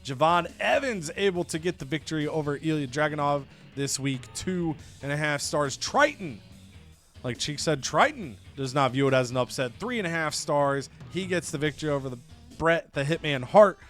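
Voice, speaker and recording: Young man, game recap host, lively storyteller, slightly high voice, soft music behind. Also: moderate pace. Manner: storytelling, acts out characters, swears casually. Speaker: let's play host.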